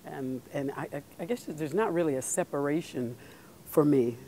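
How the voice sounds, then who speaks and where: A woman's voice: deep voice, normal speed, mellow, slight background noise. An older woman, an actress guest, answering interview questions in an earnest way, often repeating words as she thinks.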